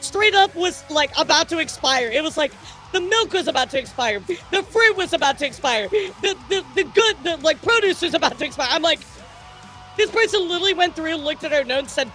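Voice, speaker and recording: A woman streamer telling stories in casual livestream chat, animated and swearing freely. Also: high voice, fairly quick, soft background music.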